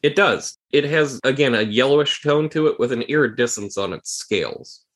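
Male game master narrating, calm and descriptive, mid-range voice. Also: medium pitch, moderate pace.

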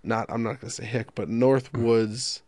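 A man's voice: mid-range voice, level tone, moderate pace, darkish tone, dry recording. A young man co-hosting a casual radio chat, rambling and self-deprecating as he jokes. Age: young adult. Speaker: co-host.

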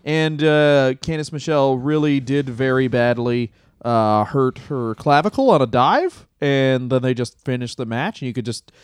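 A man's voice: medium pitch, moderate pace, hardly any pauses, clean tone, no room sound. A man co-hosting a comedy podcast, telling stories in a loose, profane way. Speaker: podcast co-host. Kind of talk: casual comedic chat.

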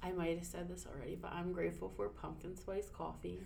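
A woman co-hosting a casual podcast, open-hearted and quick to laugh or get emotional. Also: on the low side, little pitch movement, gravelly, mellow, a little hiss or hum. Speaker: podcast co-host. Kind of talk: casual chat.

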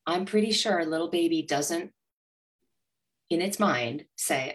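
A woman who is a money coach, speaking as a guest in an interview and acting out inner voices with animated energy. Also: lowish voice, slow. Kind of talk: motivational interview talk.

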